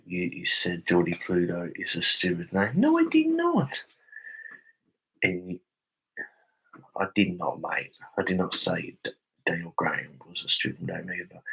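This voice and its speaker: A man's voice: sits low, gravelly, fairly bright tone, slightly rough, poor audio. A young Australian man on a casual live stream, reading viewer comments aloud and answering them.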